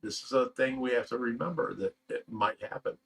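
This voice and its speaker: A man's voice: mid-range voice, brisk, gravelly, a little hiss or hum. A middle-aged man from Ohio, hosting a casual livestream, reading chat and telling rambling personal stories full of fillers and emotion. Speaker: fish rescue channel host reading live chat.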